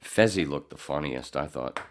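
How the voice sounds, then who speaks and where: A man's voice: rumbling low, lively intonation, moderate pace. A man hosting a podcast in casual chat, joking and rambling and swearing often. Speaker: podcast host.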